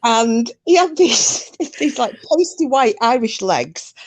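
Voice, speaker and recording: A woman's voice: a little high, lively intonation, slow pace, crowd noise. A woman hosting a casual chat, telling stories with frequent laughter and the odd swear. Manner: chatty storyteller, laughs often, swears. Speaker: stream host.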